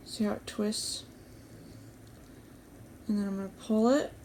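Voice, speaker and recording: A woman hosting an embroidery tutorial, calmly explaining each step as she works with her hands at a table. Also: medium pitch, measured pace, long pauses, slight background noise. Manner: calm, step-by-step explaining while stitching. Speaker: embroidery channel host.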